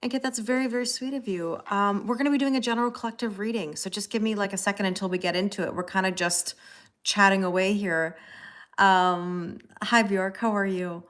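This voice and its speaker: A woman's voice: medium pitch, fairly even intonation, a little fast, a bit bright. A woman in her forties, a tarot reader hosting a livestream, chatting casually with viewers and telling rambling stories full of fillers. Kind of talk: casual chat greeting live viewers.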